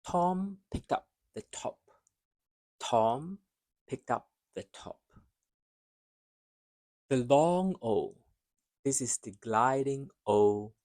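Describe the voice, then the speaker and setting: A man teaching English pronunciation, carefully modelling words and phrases, then pausing so learners can repeat after him. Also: mid-range voice, darkish tone, no room sound, studio quality. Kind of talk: slow, deliberate pronunciation drill.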